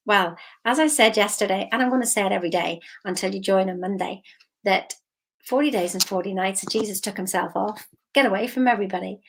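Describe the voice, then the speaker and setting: A woman mindset coach giving a lively, emphatic motivational talk straight to her viewers. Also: medium pitch, gravelly, a little hiss or hum. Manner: lively, emphatic, slips into quoted voices.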